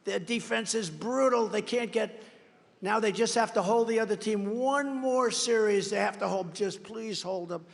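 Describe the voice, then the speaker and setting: Older American candidate, raised pitch, rambling rally boasts, long hall echo. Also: male voice, moderate pace, vocal fry. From United States. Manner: rambling, boastful, bursts of shouting. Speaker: political candidate. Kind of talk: campaign rally speech. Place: large rally venue.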